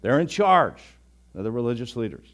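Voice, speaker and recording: A pastor gives a sermon with a chatty, lively style punctuated by sudden bursts of emphasis. His male voice sits at a medium pitch and moves at a moderate pace.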